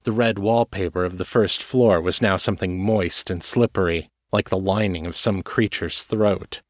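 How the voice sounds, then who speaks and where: A man giving measured, scripted narration of a story. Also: sits low, fairly even intonation, no room sound, clean studio sound.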